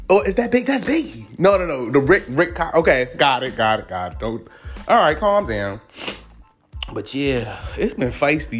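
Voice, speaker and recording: A man giving casual celebrity gossip commentary, animated and profane, leaping up in pitch for emphasis. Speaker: commentary vlogger.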